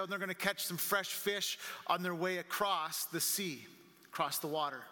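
Pastor with a high, sharp voice, vivid dramatic storyteller, echoey church hall. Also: male voice. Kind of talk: sermon. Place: church sanctuary.

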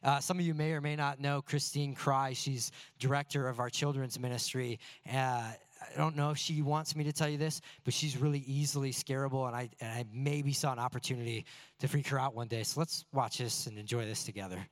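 A man on a church staff telling a humorous story in a sermon, animated and poking fun at himself. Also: mid-range voice, a little fast, no echo. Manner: animated, self-deprecating anecdotes. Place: church sanctuary before a congregation.

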